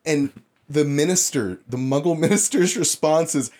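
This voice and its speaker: A man's voice: on the high side, normal speed, darkish tone. A man co-hosting a podcast, talking casually and sarcastically and swearing for emphasis. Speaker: podcast co-host. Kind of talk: casual book-discussion chat.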